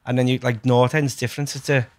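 A man's voice: mid-range voice, level tone, quick pace, a little mellow. A man with a Liverpool accent, a comedian and actor chatting casually as a guest, often trailing off mid-sentence. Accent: Liverpool Scouse. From Liverpool, England. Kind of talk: casual chat.

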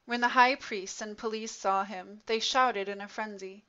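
A woman reading a scripture passage aloud in a slow, measured, solemn way, as in a church. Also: mid-range voice, steady tone, a bit bright. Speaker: scripture reader. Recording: dull lo-fi recording.

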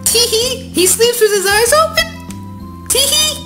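A man voicing a bubbly, giggly schoolgirl in a squeaky falsetto while reading game dialogue. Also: lively intonation, slow pace, music in the background, exaggerated voice. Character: giggly high-voiced schoolgirl, sweet and bubbly. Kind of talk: game dialogue read aloud.

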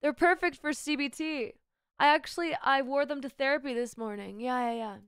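A young woman streamer, sick with a sore throat, chats playfully and swears freely with her viewers in a casual live stream. Her high voice is brisk and a bit bright, captured in clean studio sound with no room echo.

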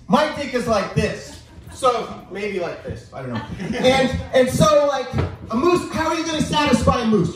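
A man rambles through a crude stand-up bit on a small bar stage, stumbling over restarts. His voice sits high. The mic catches him from a distance in a very echoey room with a faint noise behind. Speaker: open mic comedian. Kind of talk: stand-up set. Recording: echoey room heard from far off.

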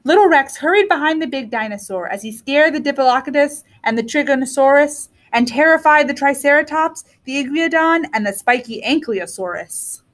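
Animated high-voiced woman reading aloud. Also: fairly quick, hardly any pauses. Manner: animated, expressive. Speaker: kindergarten teacher. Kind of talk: storybook read-aloud.

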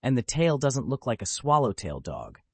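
A man voicing a calm, cold young male wizard who speaks in a matter-of-fact way. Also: medium pitch, moderate pace, gravelly, husky, no echo, heavily acted. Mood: cool.

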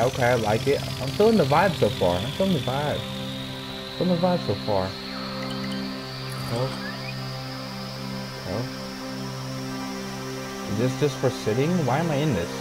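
A young man giving loose, profane running commentary as he plays a video game, talking to his viewers. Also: mid-range voice. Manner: loose, profane, reacting out loud with laughs. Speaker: gaming YouTuber. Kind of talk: casual gameplay commentary. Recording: game music under voice. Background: game music.

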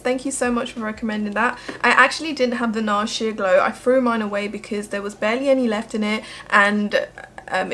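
A woman's voice: on the high side, fairly bright tone, slight background noise. A young woman chatting through a makeup tutorial as a beauty vlogger, gushing and emotional. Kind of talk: casual makeup tutorial chat.

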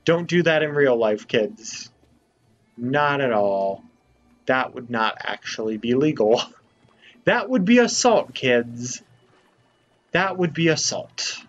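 A man's voice: mid-range voice, very animated, takes it slowly, pauses often, muffled recording. A young man giving let's play commentary in a playful, jokey, mock-exasperated way. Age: young adult. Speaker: gamer.

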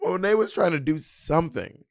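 A man with a slight Southern twang, co-hosting a podcast and teasing his co-host in quick, animated banter. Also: fairly high pitch, creaky. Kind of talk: casual chat.

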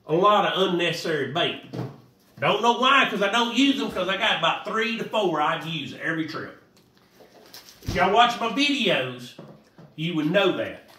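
Male vlogger, high and lively, rambling casual delivery, echoey room, mic at a distance. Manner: rambling, animated, talks to viewers as y'all. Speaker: fishing vlogger. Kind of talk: casual how-to vlog. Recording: roomy echo, voice a bit off-mic, faint noise.

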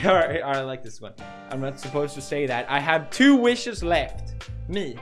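Lively, exclaiming young male host. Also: a little high, moderate pace, soft background music. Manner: animated, exclaiming, laughing, mock-outraged. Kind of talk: comedic meme reaction commentary.

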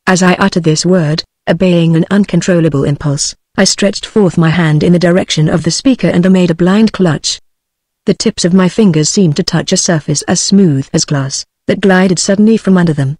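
A text-to-speech woman's voice with a British English accent, reading a gothic short story aloud in an even, measured way. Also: on the low side, dry recording, studio quality. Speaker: audiobook narrator. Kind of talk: synthetic audiobook reading.

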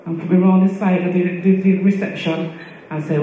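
A middle-aged woman delivers a eulogy as warm, lively storytelling, slipping into the voices of the people she quotes. Her speech rings in a very echoey hall at a funeral service. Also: on the low side, brisk. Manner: animated storytelling, acts out quoted voices, laughs between lines.

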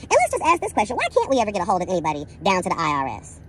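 A woman's voice: mid-range voice, wildly swooping pitch, racing, slight background noise. A woman telling a story as a casual vlog rant, sassy and profane, dramatic, calling the listener "girl" again and again. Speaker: vlogger.

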